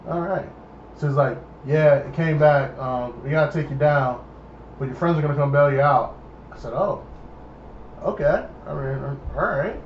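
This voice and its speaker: A young man telling a casual story, animated and acting out the people in it. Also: a little high, normal speed. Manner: animated, acts out voices in his story. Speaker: storyteller guest. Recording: echoey dull room with noise.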